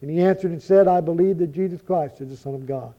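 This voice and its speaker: A man with a high voice recites scripture at a measured, solemn pace. He sometimes stumbles over a word and goes on. The recording sounds dull and lo-fi.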